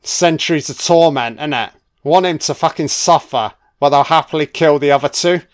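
British man, young adult, film reaction commentary, blunt and profane, clean resonant tone, slightly high voice. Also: normal speed. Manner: constant swearing, blunt, reacts out loud to on-screen events.

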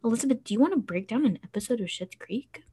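A woman co-hosting a podcast in casual chat, gushing and excitable, with rambling stories. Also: on the high side, quick pace, slightly rough. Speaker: podcast co-host.

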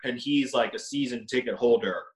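A young man co-hosts a podcast recorded in an echoey room, speaking at normal speed with a medium-pitched voice. In casual chat he argues bluntly and swears freely.

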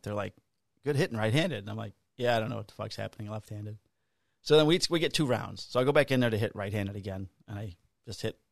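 A man's voice: lowish voice, creaky, dry recording, studio quality. A man in his fifties, a podcast co-host, telling a long casual story with swearing and acted-out dialogue. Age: 50s. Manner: profane, animated storyteller acting out dialogue.

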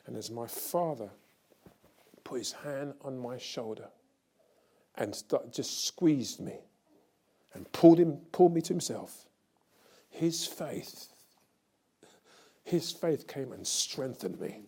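Gravelly older male preacher, fervent. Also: medium pitch, animated, slow pace, pauses often. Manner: storytelling, building to loud fervent preaching. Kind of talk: sermon.

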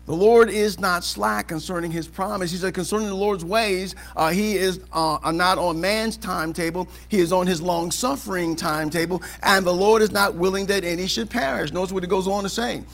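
Pastor guy preaching in church, kinda high voice, gets loud and asks the crowd stuff. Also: normal speed, gravelly, few pauses. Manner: preaching with rising shouts and call-and-response questions. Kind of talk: sermon. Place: church auditorium. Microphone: live service recording.

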